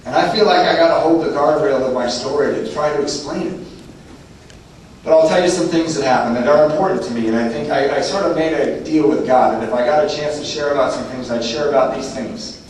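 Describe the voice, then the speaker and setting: A man's voice: on the high side, fairly quick, a little mellow. Guy in his 30s telling his story at a meeting, candid and self-deprecating, far off mic, faint room hum. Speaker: recovery meeting speaker. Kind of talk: personal testimony talk. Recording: echoey hall, distant mic.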